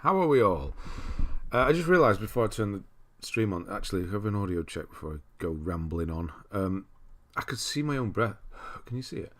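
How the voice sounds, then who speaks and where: A man's voice: lowish voice, animated, a little fast, a bit bright. A man from Britain hosting a casual livestream, chatting and greeting viewers by name. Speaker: livestream host. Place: cold room at home.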